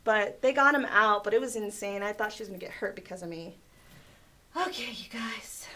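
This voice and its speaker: A young adult woman hosting a casual livestream, telling stories in an animated way, laughing often and saying "like" a lot. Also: on the high side. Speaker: livestream host. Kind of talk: casual storytelling chat.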